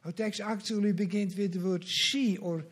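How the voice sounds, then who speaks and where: High-voiced man preaching a sermon. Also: steady tone. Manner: earnest, measured preaching with slow emphatic repetitions. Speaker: pastor.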